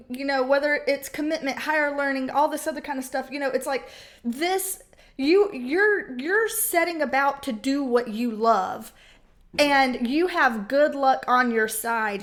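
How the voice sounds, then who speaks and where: High-voiced, blunt, slangy woman. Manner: slangy, blunt, swears freely. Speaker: tarot reader. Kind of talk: casual tarot reading. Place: home with a cat.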